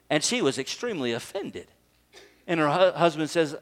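Male preacher, high voice, conversational sermon, jokes, laughs, rhetorical questions. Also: very animated, moderate pace.

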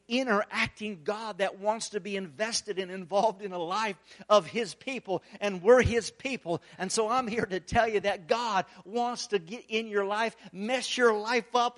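A pastor preaching a sermon, telling a story in an earnest, emphatic way. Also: male voice, high voice, fairly bright tone. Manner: storytelling, acts out the quoted voices.

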